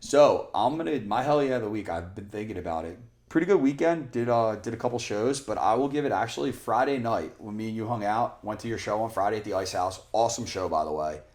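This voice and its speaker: Young male podcast co-host, lowish voice, rambling swearing storyteller. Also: lively intonation, fast, darkish tone. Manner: rambling storyteller, swears a lot, acts out quotes. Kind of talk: casual podcast chat.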